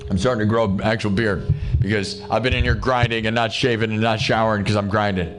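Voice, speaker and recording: A man with a lowish, fairly level voice talks fast while hosting a live music stream. He chats casually and upbeat with viewers, rambling, thinking out loud and restarting sentences.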